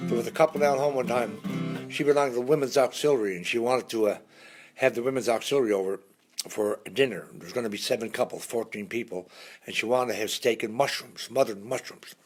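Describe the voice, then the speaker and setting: A man telling jokes in a casual folksy way on a live stream, often laughing at his own punchlines. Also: on the high side.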